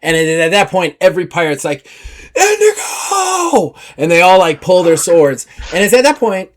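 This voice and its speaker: Give me a male game master narrating a tabletop session. His voice sits a little high, and he is animated, dropping briefly into character voices. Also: a little fast.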